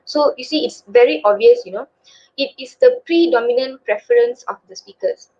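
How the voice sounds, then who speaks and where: A woman's voice: high voice, normal speed. A young woman from Malaysia with a Malaysian accent gives a casual student webinar presentation, full of fillers. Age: young adult. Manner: chatty, filler-heavy, casual. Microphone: video call. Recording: dull lo-fi call audio.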